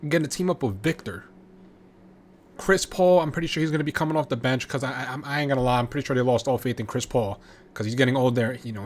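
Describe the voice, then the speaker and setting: A man vlogging his reaction to sports trades, talking casually with excitable, profane rants and frequent restarts. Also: mid-range voice, slight background noise.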